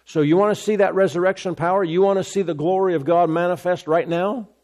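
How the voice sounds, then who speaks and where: A man's voice: high voice, steady tone, quick pace, a little mellow. A man preaching a sermon, emphatic, repeating phrases and restarting mid-sentence.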